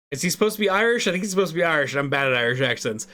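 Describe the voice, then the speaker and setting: A man's voice: fairly high pitch, expressive, rapid-fire, hardly any pauses, bright, forceful tone. A man playing through a visual novel, giving wry, joking commentary. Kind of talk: let's play commentary.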